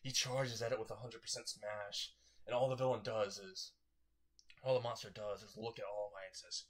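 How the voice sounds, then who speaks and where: A man's voice: on the low side, flat delivery, normal speed. A man casually narrating a fan story, rambling and correcting himself as he goes.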